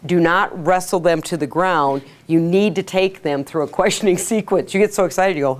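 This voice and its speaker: A woman teaching a sales workshop to a live audience, energetic, asking the room questions and acting out quotes. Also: sits low, fairly quick, few pauses. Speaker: sales trainer. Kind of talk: workshop lecture.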